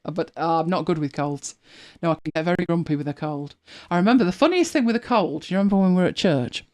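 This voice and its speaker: A woman's voice: on the low side, lively intonation, quick pace, a little mellow. A British woman hosting a live show in casual chat, telling rambling stories with frequent restarts and self-corrections. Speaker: host.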